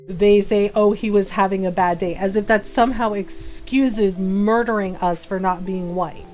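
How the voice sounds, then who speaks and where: Heated, emphatic woman streamer. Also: medium pitch. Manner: heated, emphatic, repeats herself. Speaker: livestream gamer host. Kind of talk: casual livestream chat.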